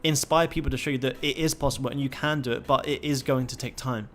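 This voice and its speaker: Young male livestream host, casual and profane, hyped and motivational, average pitch. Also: steady tone, fast, soft background music. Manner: swears constantly, pumped-up and motivational.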